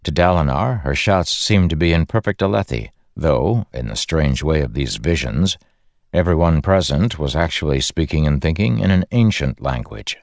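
A man narrating a fantasy audiobook in a steady, measured storytelling style. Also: very deep voice, creaky, no room sound, studio quality.

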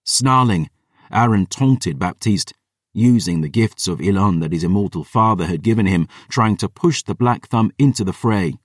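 In a dry recording with a slightly distant mic, a man narrates a first-person fantasy audiobook at normal speed. His low-sitting voice is expressive and dramatically intense.

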